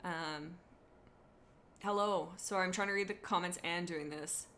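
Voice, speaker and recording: A young woman streaming live, casually reading fan fiction aloud with excitable, giggly, rambling tangents. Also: on the low side, measured pace.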